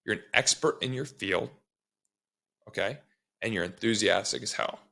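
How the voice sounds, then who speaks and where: A man's voice: lowish voice, normal speed, gravelly, sharp tone. A man giving a casual sales training talk, blunt and swearing, often checking in with "okay?".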